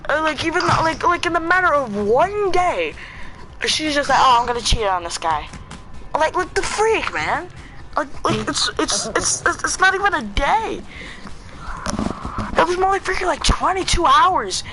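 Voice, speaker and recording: A man vlogger telling a storytime story in a rambling, excitable way, using "freaking" a lot, with music playing behind him. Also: very high-pitched, a little slow, rough recording. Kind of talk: storytime vlog. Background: background music.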